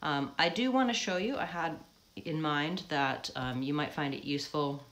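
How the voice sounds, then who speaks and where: A woman's voice: deep voice, moderate pace, fairly bright tone. A woman coaching English pronunciation in a live lesson, explaining patiently step by step with frequent ums.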